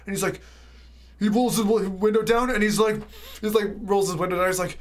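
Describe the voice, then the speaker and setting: A man's voice: sits high, fairly even intonation, fairly quick. A man, a VR streamer telling trip stories in a casual, rambling vlog full of fillers. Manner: rambling storytelling with many fillers.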